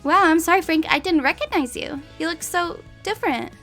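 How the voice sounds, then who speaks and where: A woman's voice: extremely high pitch, brisk, a bit bright, faint music behind, voice pushed up. Woman voicing a flustered young woman. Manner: flustered, stammering. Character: nervous young woman meeting an old classmate.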